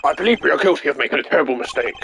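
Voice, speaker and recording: A hoarse man voicing a smooth, confident young male prosecutor who talks in a measured, suave way. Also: a little high, animated, noisy background. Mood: assured.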